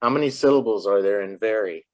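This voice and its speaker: A woman tutoring English one-on-one, patiently drilling words and repeating them clearly for a child. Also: extremely low pitch, quick pace. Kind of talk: one-on-one pronunciation lesson.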